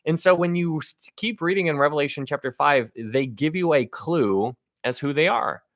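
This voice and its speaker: A man's voice: on the high side, moderate pace, a bit bright, no room sound, clean studio sound. A man giving a casual Bible teaching on a livestream, speaking to viewers with enthusiasm and frequent restarts.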